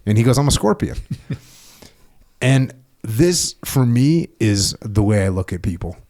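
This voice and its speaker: A middle-aged former military man hosts a podcast, talking casually and reflectively, laughing often and restarting his sentences. His voice is fairly low, animated, and a little mellow, at an unhurried pace.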